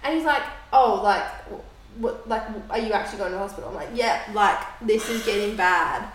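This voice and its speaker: A woman's voice: medium pitch, fairly quick, a little hiss or hum. A woman, co-hosting a podcast and telling a story in casual chat, acting out what people said. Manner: animated storytelling, acting out quotes. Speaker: podcast co-host. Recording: echoey room.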